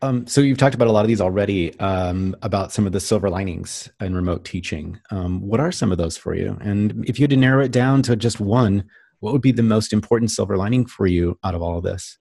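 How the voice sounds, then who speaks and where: Low gravelly male interviewer, dry sound. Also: fairly quick, dark tone, no room sound.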